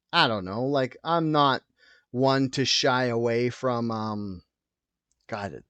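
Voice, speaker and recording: A man hosting a solo podcast, rambling through tangents with lots of swearing, loud and wired on coffee. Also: lowish voice, dry recording. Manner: rambling, tangent-prone, profane. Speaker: podcast host.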